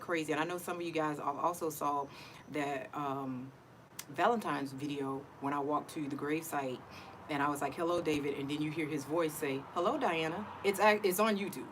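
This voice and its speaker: A woman's voice: low voice, normal speed, a little hiss or hum, low-quality recording. A middle-aged woman talking casually and emotionally to her viewers in a personal vlog, often repeating herself. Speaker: vlogger.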